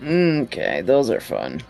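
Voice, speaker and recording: Low-voiced, hesitant woman player. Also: wildly swooping pitch, slow pace, vocal fry, soft background music. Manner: soft-spoken, hesitant with many fillers. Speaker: tabletop game player. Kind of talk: casual game chat.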